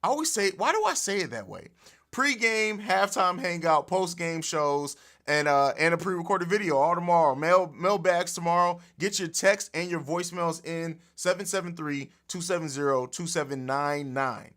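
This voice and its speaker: A man hosting a casual sports podcast livestream from a home studio, animated and profane, laughing often, recorded on an overhead mic. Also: a little high, normal speed, few pauses. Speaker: podcast host.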